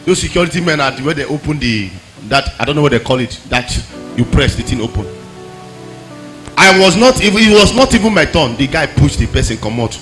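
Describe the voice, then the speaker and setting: A pastor preaching with a high, soaring voice that leaps all over its range. He drops into hushed storytelling, then builds to shouted calls to the congregation. Faint music plays behind him. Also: brisk. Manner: animated storytelling, swinging from quiet asides to shouted exhortation. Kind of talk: sermon with personal stories.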